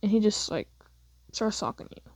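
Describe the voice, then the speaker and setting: A woman's voice: mid-range voice, expressive, moderate pace, a little mellow, no room sound. A young woman telling a second-person fan story in a casual, rambling way, filling her speech with "like". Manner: casual, rambling, heavy use of "like".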